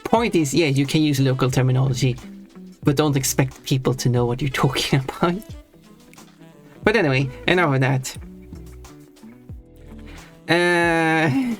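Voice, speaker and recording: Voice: mid-range voice, measured pace, pauses often, soft background music. A streamer from Sweden, chatting casually on a live stream, rambling and restarting sentences, laughing now and then at their own points.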